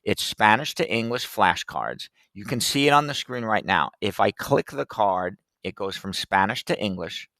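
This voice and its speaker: Gravelly low-voiced man giving a tech demo. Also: animated, normal speed, hardly any pauses, sharp tone, no room sound. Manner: chatty, step-by-step, loose with fillers. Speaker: podcast host teaching classroom tech. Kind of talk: casual screen-share walkthrough.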